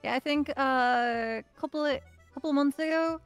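A woman from Liverpool, England, with a mild Liverpool accent, chats casually as a guest, restarting often and swearing casually. Her voice sits high and moves at a normal speed. There's no echo, just faint music behind her.

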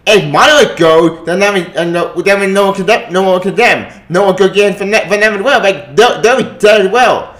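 A man's voice: sits high, a bit bright, roomy sound. A man ranting angrily and profanely on his own channel, repeating himself and stumbling over his words. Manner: profane, agitated, repetitive, halting. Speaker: gaming vlogger. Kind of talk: angry solo rant.

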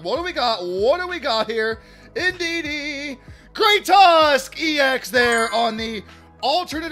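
A man hosting a casual card-opening vlog, chatty and upbeat, shouting out big pulls and often restarting his sentences. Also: sits high. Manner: chatty, hypes big pulls loudly, self-correcting restarts. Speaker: card-opening channel host.

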